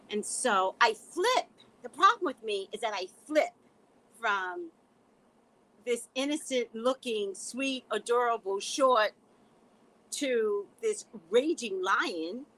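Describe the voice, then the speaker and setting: A middle-aged psychic reader hosting a casual live stream speaks in a somewhat high, fairly bright voice. She's blunt and sassy with her viewers, calling them "guys" and laughing as she goes, though the audio quality is poor.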